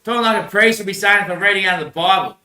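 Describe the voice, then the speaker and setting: A man's voice: high-pitched, very fast, sharp tone, echoey room, low-quality recording. A young man, rambling crudely in a religious monologue and laughing often. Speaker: vlogger.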